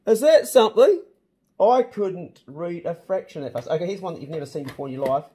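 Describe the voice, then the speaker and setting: A middle-aged man with a New Zealand accent, hosting a casual vlog and chatting excitedly with plenty of mild swearing. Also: fairly high pitch, quick pace, slight background noise. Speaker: channel host.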